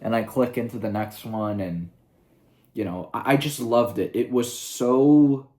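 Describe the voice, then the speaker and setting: A man's voice: medium pitch, a little slow, dark tone. A man talking in a casual review vlog, rambling and swearing freely, with lots of "like" and "you know" fillers. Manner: rambling and profane, heavy with fillers. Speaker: video reviewer.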